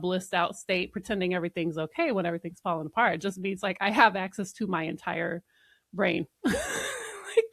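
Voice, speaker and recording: A woman's voice: lowish voice, a bit bright, dry recording, clean studio sound. A woman co-hosting a podcast, talking in a reflective way and laughing often. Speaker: podcast co-host. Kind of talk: casual podcast conversation.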